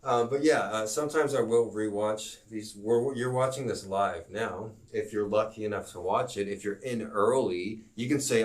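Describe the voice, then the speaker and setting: Man, online geography teacher, live stream, low voice, rambling and halting, slightly distant mic. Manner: rambling, halting, self-promoting.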